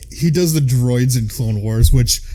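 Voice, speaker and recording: A man's voice: medium pitch, takes it slowly, mellow. A man with a Midwestern American accent, co-hosting a casual podcast chat, rambling and enthusiastic with lots of fillers. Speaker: podcast co-host.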